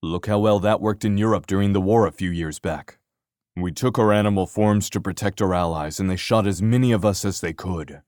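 A man's voice: deep voice, brisk, darkish tone, smooth, no room sound, clean studio sound, close to an everyday voice. A man voicing a weary, earnest male wolf-shifter leader in an audiobook.

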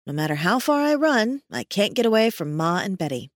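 A woman's voice: mid-range voice, sing-song, fairly quick, no room sound, clean studio sound, natural voice. A woman voicing a tense, stubborn climbing guide in her mid-thirties, muttering clipped words to herself. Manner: clipped, muttered self-talk.

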